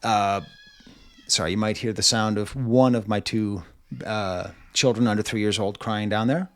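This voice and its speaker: A man's voice: fairly low pitch, steady tone, moderate pace. A man in his forties, recorded at home, reviewing an album in a loose, rambling way, often stopping and restarting his thoughts. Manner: rambling, self-interrupting, lots of "like". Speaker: music reviewer. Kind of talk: casual video album review.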